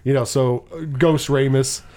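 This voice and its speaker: A man casually talking through a film in a podcast chat, rambling and animated, with restarts and frequent swearing. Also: medium pitch, moderate pace. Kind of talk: casual movie review chat.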